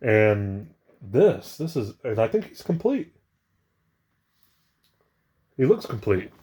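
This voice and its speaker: A man's voice: mid-range voice, sing-song, slow pace, mellow, husky. A man chatting casually while unboxing collectible toys, rambling with many fillers, his voice shaky with emotion. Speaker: toy collector vlogger.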